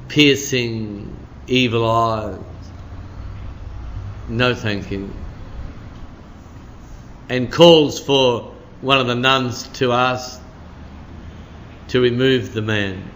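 A man's voice: medium pitch, pushed and bright, slight background noise. A man, preaching a midweek sermon as a pastor in a chatty storytelling way, full of "you know" and "sort of".

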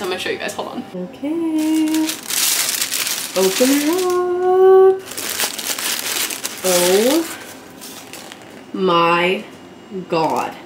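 Young woman vlogging at home, super gushy, says like a lot, kinda hissy noisy audio. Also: lowish voice. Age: young adult. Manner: gushing, excitable, heavy use of "like". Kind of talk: casual vlog chat. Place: her apartment at night.

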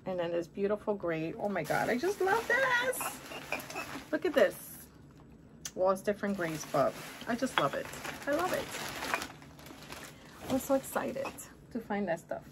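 A woman's voice: medium pitch, very animated, normal speed, pauses often, very noisy. A middle-aged woman chatting casually through a shopping haul at home, gushing and exclamatory, talking straight to her viewers and calling them guys and honey. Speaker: haul vlogger.

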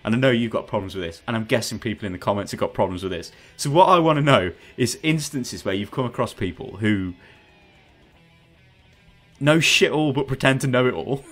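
A man hosting a gaming podcast over voice chat, ranting in an animated, sarcastic way. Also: mid-range voice, breathy edge. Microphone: headset on voice chat.

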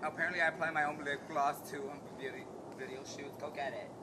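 Male drag performer, campy and crude humor, chatting outdoors with loud background noise. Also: fairly high pitch, fairly even intonation, quick pace. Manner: campy, joking, playfully crude. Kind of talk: casual behind-the-scenes chat. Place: outdoors in the rain at a video shoot.

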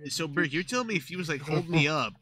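A young man streaming in-character role-play chat, excitable and prone to loud exclamations. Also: a little high, fast, noisy background.

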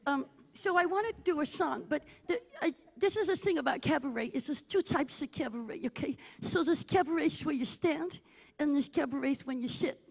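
Her voice sits high and creaky, moving at a moderate pace with hardly any pauses. In character as a self-absorbed, aging cabaret diva, she craves attention and teases the crowd in a gushing, melodramatic stage comedy act.

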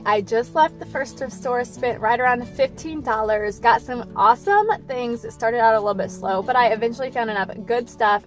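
A young woman, congested from a cold, chatting casually and upbeat as a thrift vlogger. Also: fairly high pitch. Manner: chatty, upbeat, filler-heavy. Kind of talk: casual vlog chat. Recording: music playing behind the voice.

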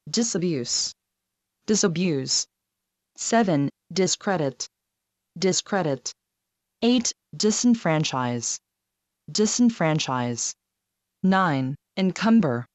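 A woman reading a numbered vocabulary list, saying each word twice in a measured, deliberate way. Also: lowish voice, a little mellow, no echo. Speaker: vocabulary reader.

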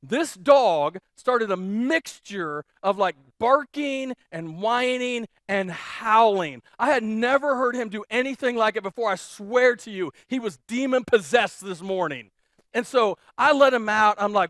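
A man preaching a sermon as pastor, telling stories in a lively way and repeating phrases for emphasis. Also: high-pitched, normal speed, no room sound, clean studio sound. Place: church.

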